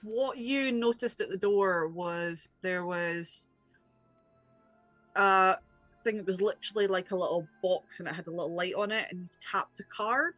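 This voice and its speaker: A woman's voice: mid-range voice, unhurried, fairly bright tone, no room sound, soft background music. A woman running a tabletop role-playing game as game master, talking casually with plenty of fillers.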